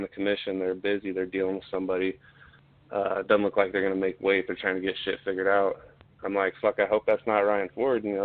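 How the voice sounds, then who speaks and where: A man telling a story in a casual, blunt way, swearing often and getting heated. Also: fairly low pitch. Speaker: podcast guest, fighter. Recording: tinny phone-like line.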